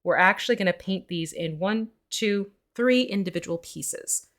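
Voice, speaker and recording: A woman's voice: medium pitch, moderate pace, a bit bright. A woman casually explaining miniature painting step by step on a live stream, chatty and giggly. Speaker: mini painting instructor. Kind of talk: casual instructional chat.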